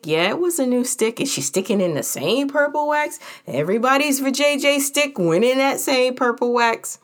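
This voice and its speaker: A woman's voice: on the high side, lively intonation, normal speed, few pauses. A woman telling a personal story in a frank, candid and humorous way, chatting casually with plenty of fillers.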